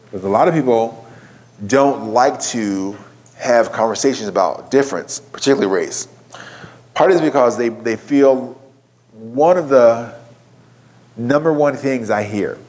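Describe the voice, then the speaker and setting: A man's voice: mid-range voice, expressive, moderate pace, a little mellow. A man giving a keynote talk, telling a story in a conversational way and putting questions to a live audience. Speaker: keynote speaker.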